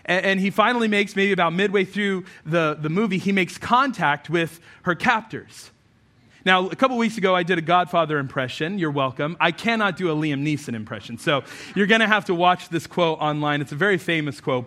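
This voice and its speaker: Bright, impassioned male preacher. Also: high-pitched, lively intonation, a little fast. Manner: impassioned, rising to intense appeals; conversational asides with fillers. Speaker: pastor. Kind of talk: sermon.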